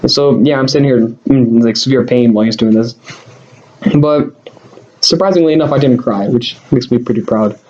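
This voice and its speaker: Young guy rambling thru a story, lots of likes and ums, kinda mellow low-fi sound. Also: a little fast, dull audio, a little hiss or hum. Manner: rambling, filler-heavy, self-deprecating. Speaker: vlogger. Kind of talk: casual storytelling to camera.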